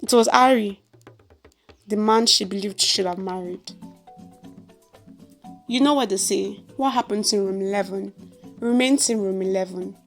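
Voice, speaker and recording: A Nigerian woman tells a story in an expressive, dramatic narrating voice. Her pitch sits in the middle of the range. Soft music plays faintly behind her. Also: moderate pace, vocal fry, pauses often.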